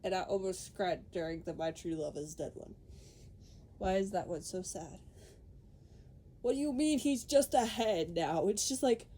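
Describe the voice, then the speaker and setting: A woman's voice: on the low side, normal speed, long pauses, dark tone, slight background noise. A young woman podcaster ranting in casual chat, swearing freely, laughing and quoting people in put-on voices.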